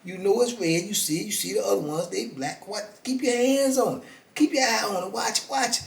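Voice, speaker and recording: A man voicing a smooth-talking card hustler from New Orleans who coaxes and calls people baby, in a New Orleans accent. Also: high voice, brisk, reverberant, distant mic, voice pushed up. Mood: coaxing. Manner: coaxing, calls you baby.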